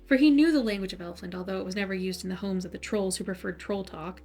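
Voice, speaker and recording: A woman storyteller reading a fairy tale at bedtime. Her delivery is soft and soothing, with a gravelly, fry-touched texture at mid pitch. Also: fast. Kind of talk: gentle bedtime story narration.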